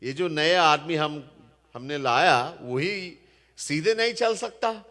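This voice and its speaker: A man's voice: a little high, expressive, rapid-fire, pushed and bright. A man voicing anxious palanquin bearers pleading with their king that a newcomer is to blame, told in an echoey hall. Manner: pleading, defensive. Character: worried palanquin bearers, working men.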